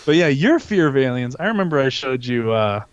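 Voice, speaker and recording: A young man co-hosting a casual podcast, telling animated stories and swearing often. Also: mid-range voice, a little fast, no room sound, dull audio. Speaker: podcast co-host. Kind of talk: casual chat.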